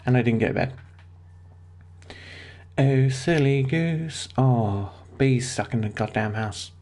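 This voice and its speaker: A man's voice: mid-range voice, slow pace. A man streaming a survival game, chatting casually and swearing when things go wrong. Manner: excitable, swears, panicky outbursts. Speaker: gaming livestreamer. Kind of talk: casual gameplay commentary.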